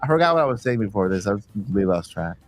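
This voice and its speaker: A man's voice: on the low side, sing-song, music in the background. A man from Florida hosting a casual stream chat, rambling and restarting his sentences. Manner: rambling, repeats words, halting restarts. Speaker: stream host.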